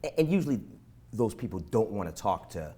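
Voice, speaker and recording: A man's voice: on the low side, big pitch swings, a little fast, dark tone. A middle-aged police officer, giving earnest advice on a local talk show and often repeating words as he goes. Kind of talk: casual talk show conversation.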